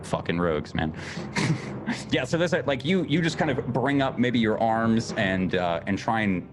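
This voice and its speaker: A man's voice: mid-range voice, lively intonation, normal speed. A man narrating as game master, laid-back and laughing, humming little sound effects between lines. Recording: music playing behind.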